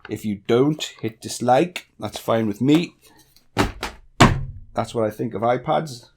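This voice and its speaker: A man from northeast England with a softened northeast English accent, answering viewer questions bluntly in a casual vlog. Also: mid-range voice, takes it slowly, heavy background noise. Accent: northeast English, toned down. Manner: blunt, candid, chatty with swearing. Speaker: YouTube tech tutorial creator.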